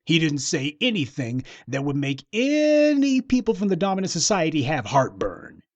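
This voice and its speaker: A man's voice: on the high side, wildly swooping pitch, moderate pace, darkish tone, no echo, muffled recording. Scornful man lecturing in a dry voice. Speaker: political commentator. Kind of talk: solo commentary monologue.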